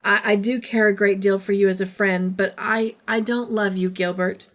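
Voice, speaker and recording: A woman reading the lines of a dreamy, emotional young woman in a storybook, halting and stammering. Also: medium pitch, fairly even intonation, lightly acted.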